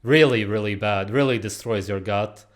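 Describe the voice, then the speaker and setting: A man's voice: lowish voice, moderate pace. A man commenting on clips in a casual, opinionated, lecturing way, with frequent filler sounds.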